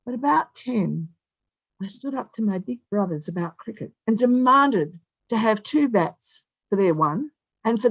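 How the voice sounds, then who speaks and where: A woman in her seventies giving an animated, emphatic motivational speech, with big swings in loudness and long pauses. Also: mid-range voice, no echo, low-quality recording. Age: 70s. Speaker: guest speaker.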